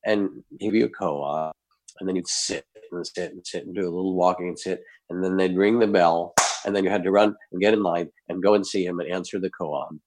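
A man, a podcast guest, telling a lively anecdotal story in conversation. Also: deep voice.

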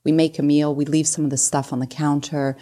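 A woman in her mid forties speaks in a notably low voice. She is a guest on a podcast and explains things with eager analogies. Her tone is chatty and relaxed. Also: brisk. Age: 40s. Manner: explanatory, uses analogies, giggly asides. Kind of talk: casual interview chat.

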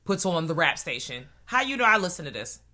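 A woman's voice: lowish voice, big pitch swings, fairly quick, pushed and bright. A woman co-hosting a casual talk show, making blunt, profane, joking comments. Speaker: podcast co-host. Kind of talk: casual chat.

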